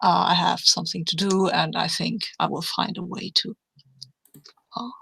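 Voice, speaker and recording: A woman playing a tabletop role-playing game, speaking haltingly with a gravelly voice. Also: lowish voice, flat delivery, fairly bright tone. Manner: halting, formal in-character phrasing. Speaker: player. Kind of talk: tabletop role-play, in character.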